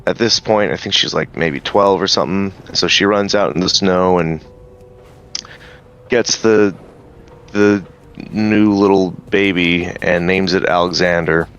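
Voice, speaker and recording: A man's voice: deep voice, fairly even intonation, unhurried, fairly bright tone, clean tone, highs cut off, soft background music. A man casually retelling a story, hesitant with many ums and some swearing. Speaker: streamer.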